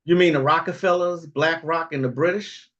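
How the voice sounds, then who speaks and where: A man hosts a livestream in casual, rambling talk, chuckling often and tagging his lines with "okay?" and "all right?". His voice is on the high side and a bit bright, with a steady tone and normal speed, and the recording sounds muffled.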